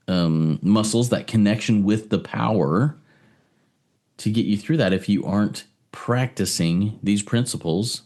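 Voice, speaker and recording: A man's voice: on the low side, lively intonation, moderate pace, darkish tone. A man co-hosting a recovery podcast, earnestly listing examples with hesitant fillers. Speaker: podcast co-host. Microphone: video call mic.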